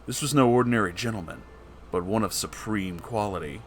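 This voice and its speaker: Over slight background noise, a man with a lowish voice reads a storybook tale a little fast. He gives it a dramatic, theatrical flair, switching into voices for the characters.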